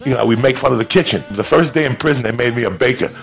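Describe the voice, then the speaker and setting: A middle-aged man, a stand-up comedian, telling loud, profane, rapid-fire stories in a rant. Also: medium pitch, gravelly, faint music behind.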